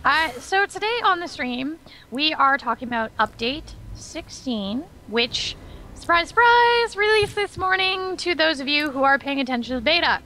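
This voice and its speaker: Woman, community manager, livestream host, high voice, chatty, upbeat. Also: animated, normal speed, sharp tone, poor audio. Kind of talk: casual livestream chat.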